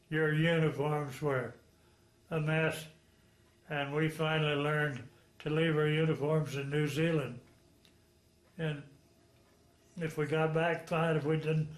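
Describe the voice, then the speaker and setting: Slow-talking very old veteran, echoey room. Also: male voice, on the high side. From Texas, United States. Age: 90s. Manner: rambling, frank storytelling with chuckles. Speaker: World War II veteran. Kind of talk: oral history interview.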